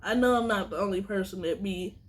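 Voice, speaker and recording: A woman's voice: mid-range voice, a little fast. A woman vlogger talking straight to her viewers in a casual monologue, earnest and teary, repeating herself for emphasis.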